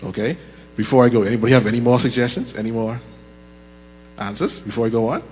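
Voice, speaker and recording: A man's voice: mid-range voice, steady tone, darkish tone. Male workshop leader, casual and humorous, reverberant church room, faint hum under it. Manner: conversational and joking, slows down deliberately. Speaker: leadership course instructor. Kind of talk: live workshop talk. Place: church room with audible echo. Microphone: handheld microphone. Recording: reverberant hall with mains hum.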